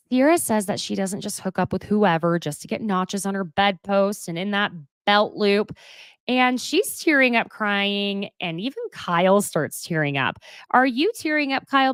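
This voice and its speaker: A woman hosting a casual recap, talking in an animated, sarcastic and emphatic way. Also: mid-range voice, moderate pace, clear, resonant tone, no room sound, clean studio sound. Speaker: host.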